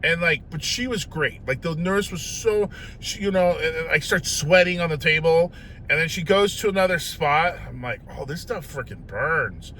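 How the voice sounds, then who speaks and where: A man's voice: fairly high pitch, moderate pace, sharp tone, a little hiss or hum. A man vlogging in a casual, self-mocking storytelling way, often tagging his lines with "right?".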